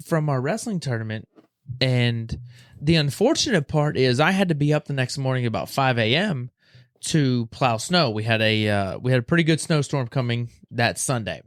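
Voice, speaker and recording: A man's voice: mid-range voice, lively intonation, moderate pace, no echo, clean studio sound. A man hosting a podcast, telling a rambling personal story in a laid-back way, often repeating himself. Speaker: podcast host. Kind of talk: casual storytelling chat.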